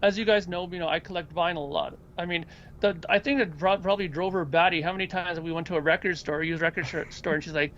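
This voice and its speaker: A man hosting a casual podcast chat, telling animated stories and acting out what other people said. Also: high-pitched, fast, highs cut off, slight background noise. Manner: animated storyteller who acts out quoted people. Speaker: podcast host.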